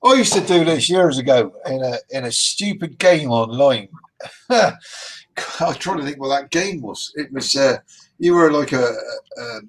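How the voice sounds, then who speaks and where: A man's voice: medium pitch, lively intonation, unhurried, rough recording. A man hosting a casual livestream chat, talking loosely and laughing, calling people mate. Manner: chatty, laughing, says mate. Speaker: livestream host.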